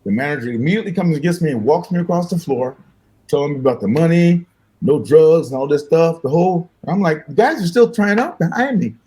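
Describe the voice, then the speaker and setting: An older man, a guest musician, telling animated, fast-paced stories in an interview and acting out the voices of the people in them. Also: fairly high pitch, poor audio. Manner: fast-talking, acts out voices in his stories, laughs often.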